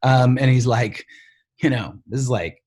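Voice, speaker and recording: A man's voice: medium pitch, a little slow, husky. A middle-aged man from the Bronx, a TV writer and showrunner, telling his career story in a candid, rambling interview full of fillers. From the Bronx, New York. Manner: animated, rambling, filler-heavy.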